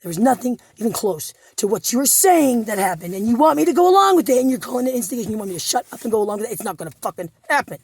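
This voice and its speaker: A hoarse woman telling her own story to the camera in an agitated, profane way, with frequent repetitions and restarts. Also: a little high, very animated, rapid-fire, few pauses, a little mellow. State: hoarse, injured throat. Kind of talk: personal recounting to camera.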